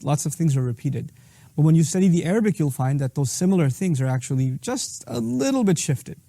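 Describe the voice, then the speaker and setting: Man, middle-aged, Islamic lecture, emphatic, very dark tone, slightly high pitch. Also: no room sound, clean studio sound. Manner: explanatory, emphatic, mixes recited Arabic with English. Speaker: Islamic speaker. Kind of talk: lecture on Quranic verses.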